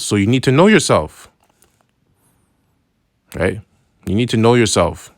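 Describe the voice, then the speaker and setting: A man with a lowish voice gives a relaxed Bible lesson, reading verses and then explaining them in loose, slangy talk. He keeps asking "right?" as he goes, and the recording is dry and close. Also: a little slow, long pauses, no echo. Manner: slangy, loose phrasing with restarts. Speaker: religious teacher.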